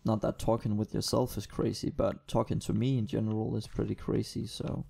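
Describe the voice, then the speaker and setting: A young man giving excitable gameplay commentary, swearing constantly and often bursting into laughter. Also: fairly low pitch, brisk, vocal fry, a little hiss or hum. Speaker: gaming YouTuber.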